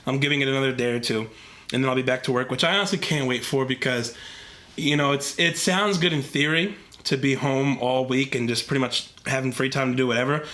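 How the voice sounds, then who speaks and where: Young male vlogger, congested from a cold, bright edge to the voice, earnest and rambling. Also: mid-range voice, brisk. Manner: earnest, rambling with many fillers. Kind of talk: casual talk to camera. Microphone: camera mic, talking to camera.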